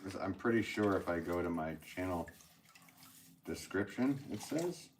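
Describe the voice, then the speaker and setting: A relaxed man with a fairly low voice talks to his live viewers from his pottery studio. He answers their comments in an easygoing way and chuckles often. A faint hum of room noise sits under his voice. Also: normal speed. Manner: laid-back, chuckles often. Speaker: potter hosting a livestream. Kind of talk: casual live chat, reading viewer comments aloud.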